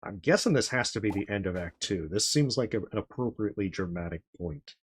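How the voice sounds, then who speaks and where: A man's voice: lowish voice, animated, fairly quick, slightly rough. A man streaming a retro-style role-playing game, chatting to viewers and reading the game's text aloud. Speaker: let's play streamer. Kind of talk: casual game commentary.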